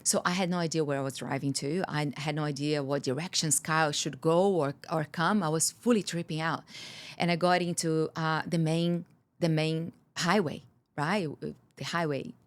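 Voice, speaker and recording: A woman's voice: deep voice, fairly even intonation, normal speed. A woman from Brazil, a guest telling a personal story in an interview, candid and earnest, her words tumbling out with many restarts.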